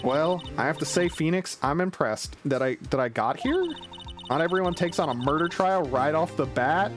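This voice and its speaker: A calm, confident lady lawyer with a put-on Southern US drawl, played by a man. She speaks in a measured way, with game music behind her. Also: fairly high pitch, pitched above the performer's own voice, lightly acted. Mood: composed.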